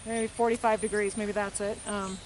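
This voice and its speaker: A woman equine therapist narrating a hands-on treatment demonstration outdoors, talking in a soft, unhurried way and murmuring gently to the horse between explanations. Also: mid-range voice, level tone, a little hiss or hum. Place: outdoors with a horse, rural setting.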